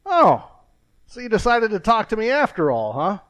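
A man's voice: sits high, wildly swooping pitch, normal speed, a bit bright, exaggerated voice. A man voicing a wry, teasing God inside a joke told in a sermon. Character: wry God speaking to a sinner.

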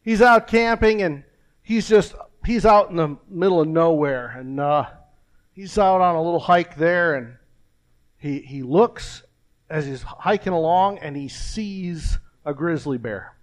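An older man preaching a folksy, rambling sermon with a joke, pausing and restarting often. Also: on the high side. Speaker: pastor.

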